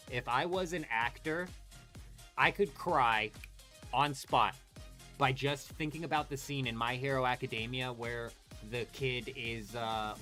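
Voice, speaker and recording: A young man hosting a live game stream, chatting casually with viewers, animated and full of swearing. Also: medium pitch. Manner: animated, swears a lot, talks to chat by name. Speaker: livestream host.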